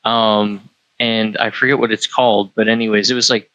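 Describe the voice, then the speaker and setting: Male podcast co-host, bright tone, loose rambling delivery, dry mic. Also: on the low side, flat delivery, normal speed, no echo, dull audio. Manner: rambling, many fillers and restarts. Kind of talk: casual podcast chat.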